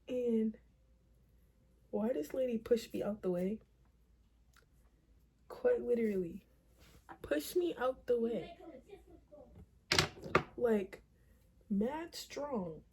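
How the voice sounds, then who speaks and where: A young woman with a higher, mellow voice tells a story to her viewers. She draws it out slowly and dramatically. She swears freely and keeps turning to talk to the audience. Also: slight background noise. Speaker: vlogger. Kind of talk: storytime vlog.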